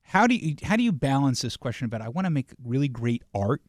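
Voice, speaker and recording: A man's voice: mid-range voice, big pitch swings, fast, dry recording, studio quality. A man hosting an interview, asking probing questions in a conversational way. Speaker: interviewer, host.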